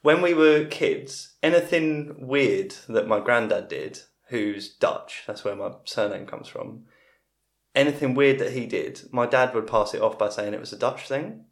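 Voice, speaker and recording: A man in his forties tells a long, meandering story as a podcast guest. He trips over his words and restarts his sentences. His voice sits at an ordinary pitch and sounds roomy, with a noticeable echo. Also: expressive, measured pace. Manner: rambling, self-interrupting storyteller. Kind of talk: casual storytelling in a podcast interview.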